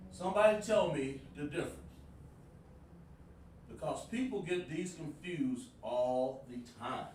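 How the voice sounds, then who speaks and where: Male teacher at a whiteboard, slightly high voice, echoey room, off-mic, coaxes students, sounds out syllables. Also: fairly bright tone, recorded from a distance, a little hiss or hum. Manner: interactive, calls on students by name and sounds out syllables. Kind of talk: live online class lecture.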